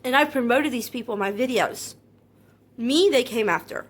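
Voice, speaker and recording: Earnest, anxious woman vlogger. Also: fairly high pitch. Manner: earnest, hurt and anxious, repeats herself; calm and measured, not loud. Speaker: content creator. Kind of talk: personal vlog monologue.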